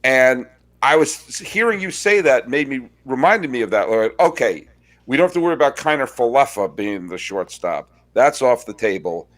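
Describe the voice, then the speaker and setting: A man hosting a sports podcast, chatting casually and telling wry stories with quick asides. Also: mid-range voice, sing-song. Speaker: podcast host.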